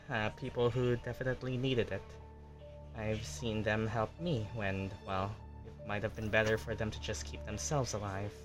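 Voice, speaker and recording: A man playing a tabletop game, giving a heartfelt in-character speech with halting pauses. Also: medium pitch. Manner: earnest, halting.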